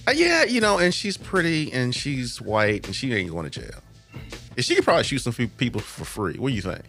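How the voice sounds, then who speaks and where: A man's voice: medium pitch, big pitch swings, brisk, fairly bright tone, faint music behind. A man co-hosting and producing a casual podcast, teasing his friend, laughing often and tripping over his words. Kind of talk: casual chat.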